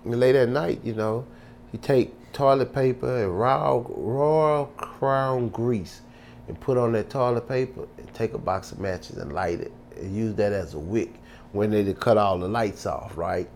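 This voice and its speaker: A man, a guest telling humorous stories in an interview, animated and laughing, full of slang. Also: medium pitch, measured pace, creaky, slight background noise.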